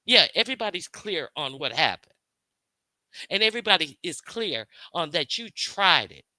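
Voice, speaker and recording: A bright, sharp-toned woman delivers a confrontational, expletive-laden rant to her livestream audience. She circles back over the same points and hurls questions at her detractors, all in a close, dry-sounding recording. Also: lowish voice, sing-song, moderate pace, dry recording. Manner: confrontational, profane, repetitive. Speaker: livestream host. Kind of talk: heated unscripted rant to viewers.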